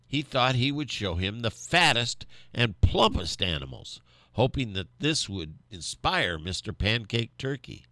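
Male storyteller, low voice, animated read-aloud, sing-song delivery. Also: no room sound. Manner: animated, lively storytelling with restarts. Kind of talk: reading a children's story aloud.

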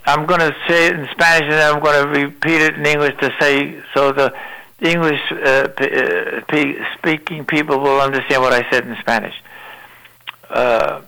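A man's voice: mid-range voice, steady tone, moderate pace, vocal fry, bright, forceful tone, low-quality recording. A man in his nineties chatting and telling jokes on the radio, rambling and talkative. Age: 90s. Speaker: regular radio guest. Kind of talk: casual radio chat, joke-telling.

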